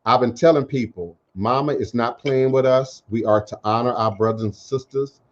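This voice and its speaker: A man hosting New talk radio, emphatic and dull-toned. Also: mid-range voice. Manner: measured, emphatic, lists things in repeated phrases. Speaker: radio show host. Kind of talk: casual call-in talk radio monologue. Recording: dull lo-fi internet radio audio.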